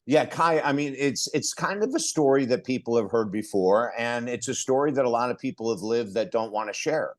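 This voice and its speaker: An older man speaks as a guest on a podcast. He tells his stories with energy, often breaks off and restarts his sentences, and his voice sits at a middling pitch. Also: a little fast, few pauses. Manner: animated storyteller with frequent restarts. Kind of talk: storytelling in a podcast interview.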